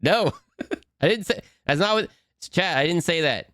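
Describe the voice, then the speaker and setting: A man's voice: fairly high pitch, expressive, moderate pace, pushed and bright, no echo, clean studio sound. A man hosting a cartoon watch-along stream from home at his computer, rambling and giggling as he answers chat. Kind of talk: casual live-stream chat.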